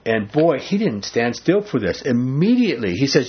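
A man's voice: on the high side, fairly quick, slightly rough, dull audio. A man leading a casual Bible study, talking in a conversational way and acting out the quotes he reads. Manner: animated, conversational, acts out quotes. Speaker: Bible teacher.

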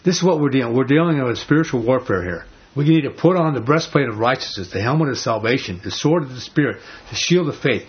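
A man's voice: mid-range voice, animated, fast, few pauses, slightly rough, dull audio. A man preaching a sermon in a conversational storytelling way, acting out the people in the story with short bursts of voices and chuckles. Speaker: pastor.

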